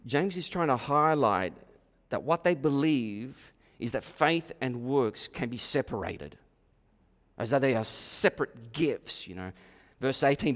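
A man preaching a sermon, animated, repeating himself and acting out quoted voices. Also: medium pitch, a little slow. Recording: long hall reverb.

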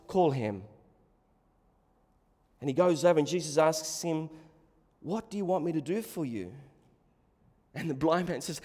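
A man's voice: on the high side, lively intonation, normal speed, long pauses, slightly rough. Man preaching in an echoing hall. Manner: dramatic swings from hushed to loud and emphatic. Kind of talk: sermon. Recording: long hall reverb.

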